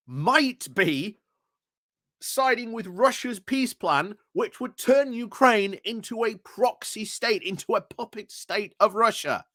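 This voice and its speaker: A man's voice: sits high, sharp tone, no room sound, clean studio sound. Indignant man ranting over a speech clip. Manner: indignant, repeats rhetorical questions, stumbles over words. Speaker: political commentary YouTuber. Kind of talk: reaction commentary.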